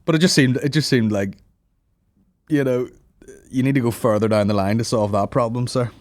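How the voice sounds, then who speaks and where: A man's voice: medium pitch, normal speed, darkish tone, no echo. A man hosting a comedy podcast, telling rambling sweary stories in casual banter. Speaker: podcast host.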